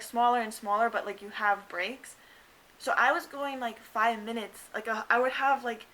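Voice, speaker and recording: Young woman, chatty storyteller, bright and a bit high, light hiss behind. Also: rough recording. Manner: chatty, many "like" fillers, acts out quotes in higher voice. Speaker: new mother telling her birth story. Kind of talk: casual storytelling to camera.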